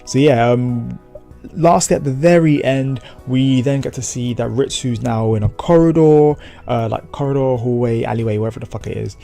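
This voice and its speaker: A man casually recapping and reviewing an anime episode, rambling and slangy, swearing and acting out quick bits of dialogue. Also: medium pitch, gravelly, warm tone, soft background music.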